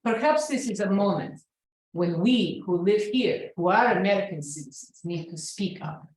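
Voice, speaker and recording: A woman's voice: medium pitch, expressive, normal speed, a little mellow. A woman from the former Soviet Union with a Russian accent, giving an earnest public talk full of "you know"s. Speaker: speaker at an event. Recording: very echoey room.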